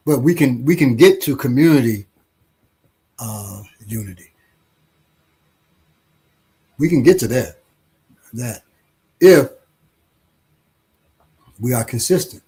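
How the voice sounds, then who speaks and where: A man, an author, answering interview questions slowly and thoughtfully, often repeating words as he thinks, with a husky voice. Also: mid-range voice, expressive, mellow. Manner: acts out quoted voices in playful anecdotes.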